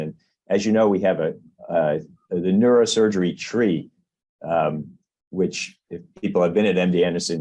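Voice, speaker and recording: A man, a neurosurgeon interviewing a colleague, asking questions in a halting way with many fillers and restarts. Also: sits low, dark tone.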